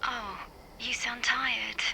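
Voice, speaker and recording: An actress voicing a witty, teasing woman fire lookout boss on a radio in a video game, with a breathy voice and playful banter. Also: on the high side, steady tone, takes it slowly, noisy background.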